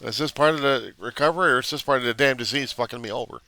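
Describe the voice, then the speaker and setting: Talking fast, this man has a mid-range, sharp-toned voice with no room sound. He's a recovery video diarist speaking off the cuff to his camera. The confessional monologue is blunt and profane, and he rambles and second-guesses himself.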